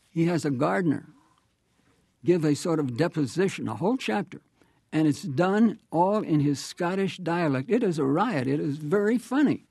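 A man's voice: fairly high pitch, creaky, mellow, slightly rough, no echo, clean studio sound. A man being interviewed as an author on a radio program, reflective and anecdotal, often restarting his phrases. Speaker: author and guest.

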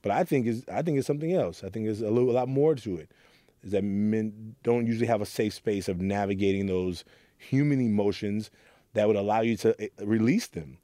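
A middle-aged youth mentor from Oakland, California, earnestly tells his story in a reflective interview, acting out the lines he quotes. His voice is fairly low and mellow, he speaks a little fast, and there is no room sound.

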